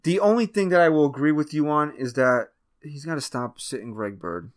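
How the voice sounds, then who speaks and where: A man's voice: a little high, moderate pace. A man co-hosting a casual sports podcast, teasing and laid-back. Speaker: podcast co-host. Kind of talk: casual sports talk banter.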